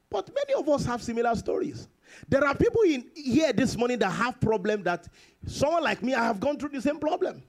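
Animated male preacher, high lively voice. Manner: animated preaching with sudden high bursts and laughs; repeats phrases for emphasis. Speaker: pastor. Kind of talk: sermon.

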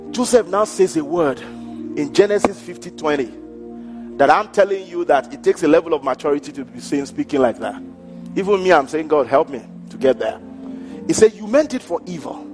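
A man delivers a sermon with a high, lively voice that leaps up and down as he acts out the people in his stories. He laughs between his points. The hall rings with a long reverb, and faint music sits underneath. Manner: animated preaching, acting out quoted people, laughing between points. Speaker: pastor. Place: church hall.

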